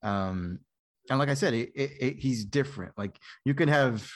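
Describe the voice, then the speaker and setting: A man's voice: mid-range voice, normal speed. A man chatting casually as a podcast co-host, blunt and opinionated, often laughing mid-sentence. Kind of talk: casual film chat.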